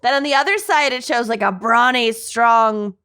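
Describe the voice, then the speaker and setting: A woman co-hosting a casual podcast, excitable and exclamatory, swearing freely. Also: fairly high pitch, moderate pace, clean tone. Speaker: podcast co-host. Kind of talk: casual chat.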